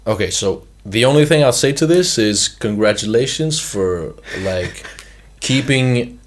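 A man's voice: medium pitch, expressive, measured pace, a little hiss or hum. A young man co-hosting a podcast, talking casually and hedging his points with "I mean" and "you know". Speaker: podcast co-host. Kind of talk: casual chat.

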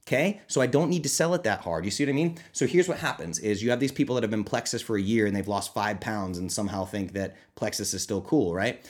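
A man hosting his own podcast as a nutrition coach, talking casually and animatedly, often jumping into high, excited mock voices. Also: fast, few pauses. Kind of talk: casual solo podcast talk.

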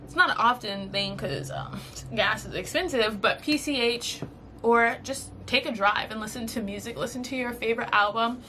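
A young woman from Southern California talks in a loose, heartfelt podcast chat, with a bright, forward voice at a middle pitch. She rambles a little, stops to restart her thoughts, and gets emotional. A faint hum sits behind her. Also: moderate pace. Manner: earnest, emotional, rambling with fillers. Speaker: podcast host. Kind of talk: casual faith-based advice talk.

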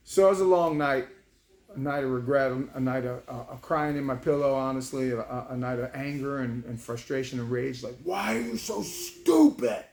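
A man's voice: medium pitch, steady tone, a little fast, a little mellow. A man in his fifties, a former prisoner, telling a personal story in a casual, emotional way, with many halts and restarts. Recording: roomy room with faint background noise.

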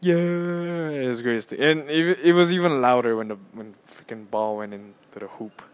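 A young man hosts a casual solo podcast recorded on his phone, telling a story in a rambling, excitable way with many fillers and restarts. His voice is medium-pitched at a normal pace.

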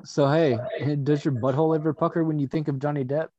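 A man with a fairly high voice trades crude, offbeat jokes in relaxed chat. His voice is dry and close, with dull lo-fi sound. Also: fast talker, no echo. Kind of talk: casual chat.

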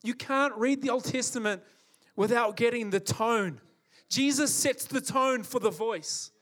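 Male preacher, high voice, impassioned, emphatic, repeats for effect. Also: unhurried, a bit bright. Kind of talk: sermon.

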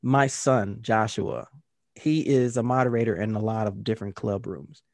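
A man's voice: on the low side, normal speed, no room sound. A man in his fifties co-hosting a podcast in casual chat, telling stories and acting out other people's lines. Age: 50s. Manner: animated storyteller acting out quotes. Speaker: podcast co-host.

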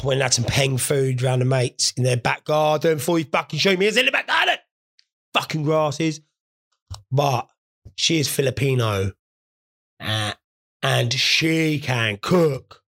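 Gravelly sweary British man in his thirties. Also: fairly high pitch, a bit bright. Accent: British English. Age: 30s. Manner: sweary, laddish banter. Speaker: vlogger. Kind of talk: rambling comic monologue.

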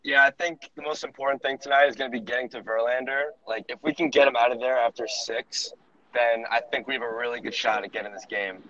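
A man's voice: medium pitch, steady tone, fast, bright, forceful tone, highs cut off. A young man speaking directly and plainly in a casual podcast chat. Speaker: podcast co-host.

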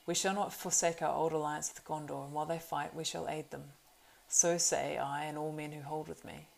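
A woman voicing a proud young horse-lord, low and gravelly. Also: fairly even intonation, normal speed, a little mellow, poor audio. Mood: earnest, urgent. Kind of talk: audiobook reading.

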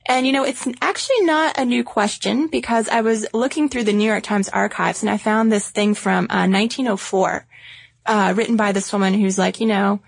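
A woman co-hosting a podcast in casual chat, relaxed and chatty. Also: medium pitch, normal speed, gravelly, slightly rough, dry recording. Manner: chatty, relaxed, many fillers. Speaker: podcast co-host.

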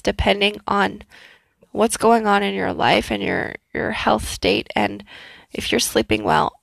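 A woman's voice: a little high, creaky, no echo. A young woman telling a personal story in a candid, reflective way, acting out her own past thoughts. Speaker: vlogger.

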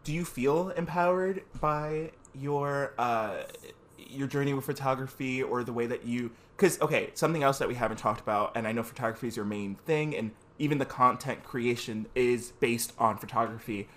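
A man's voice: mid-range voice, normal speed, a bit bright. Thoughtful male podcast host. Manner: thoughtful, rephrases what the guest says. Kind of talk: reflective conversation.

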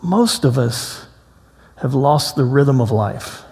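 A man preaching a sermon as a pastor, telling a story with lively acted-out quotes before slowing into reflective reading. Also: mid-range voice, slightly rough. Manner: storytelling, animated, acts out quotes in a raised voice. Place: church sanctuary. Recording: long hall reverb.

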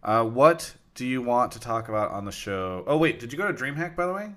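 Chatty stream host reading off subs. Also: male voice, medium pitch, expressive, a little fast, a bit bright. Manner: chatty, reads out subs with frequent fillers. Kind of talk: live-stream talk show hosting.

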